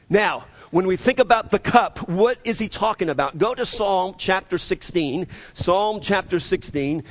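A man preaching a sermon, emphatic and repetitive, leading the congregation to say lines back with him. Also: high voice. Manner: emphatic, repeats phrases, leads congregation in saying lines. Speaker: pastor.

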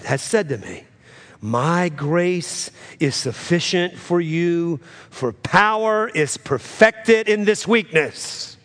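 A man preaching a sermon, swinging between loud, high climaxes and low, quiet drops, repeating phrases for emphasis. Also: vocal fry, husky. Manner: preaching with sudden rises and drops in pitch and loudness, repeating phrases. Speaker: pastor.

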